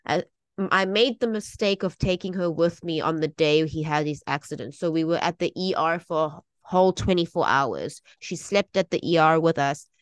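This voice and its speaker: A woman's voice: low voice, normal speed, no echo. A woman in her thirties talking in a casual, emotional chat, rambling with many restarts and fillers. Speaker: podcast co-host.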